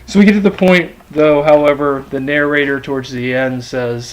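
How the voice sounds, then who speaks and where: A man giving a literature lecture, his voice a touch higher than most men's. He talks hesitantly, stopping for ums as he thinks. The lecture style is explanatory and unhurried. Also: fairly even intonation, poor audio. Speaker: literature teacher. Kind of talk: classroom lecture.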